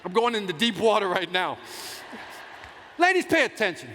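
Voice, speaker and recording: Animated high-voiced man on a conference stage. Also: normal speed. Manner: animated storytelling, loud outbursts, plays to the crowd. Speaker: keynote speaker. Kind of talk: motivational stage speech. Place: large conference hall. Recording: long hall reverb, faint noise.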